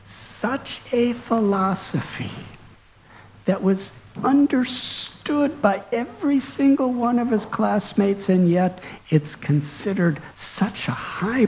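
A man, a monk and spiritual teacher, telling a devotional story in a sermon with slow, earnest, dramatic delivery. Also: high-pitched, animated, gravelly, darkish tone, a little hiss or hum, rough recording.

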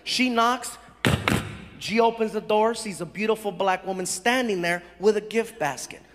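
High-voiced man, animated stand-up storytelling. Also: moderate pace, big-room sound. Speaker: stand-up comedian. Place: large live venue. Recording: live stage mic, roaring crowd.

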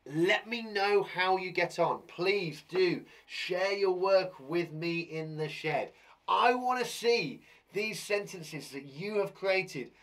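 Speaking slowly in a high, slightly bright voice, a young primary school teacher runs a playful live online class for children. He's bouncy and playful, and talks with a toy monkey puppet as he teaches.

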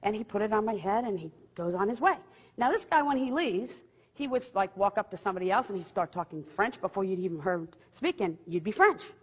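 Husky woman telling a story in a reverberant hall. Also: mid-range voice, brisk. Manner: lively, humorous, acts out quotes. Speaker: speaker giving a faith testimony. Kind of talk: storytelling testimony talk.

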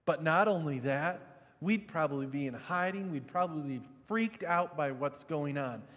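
Heard with big-room sound, a male pastor gives a sermon at moderate pace. His delivery drops to quiet, low reflection before climbing to loud, emphatic preaching.

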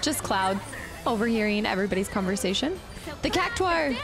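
A young woman streaming a video game, chatty and excitable, thinking aloud as she plays. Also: medium pitch, fairly quick, over music. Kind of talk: casual let's-play commentary.

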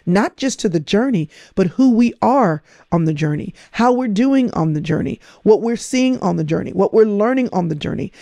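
Woman host coaching listeners, mellow tone, says things over and over for emphasis, dry sound. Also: medium pitch, gravelly, no room sound. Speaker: podcast host. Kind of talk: motivational talk.

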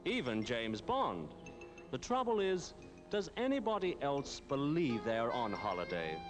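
A man's voice: mid-range voice, sing-song, unhurried. A man narrating a 1960s TV comedy sketch in an arch, playful way. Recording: 1960s TV soundtrack with music.

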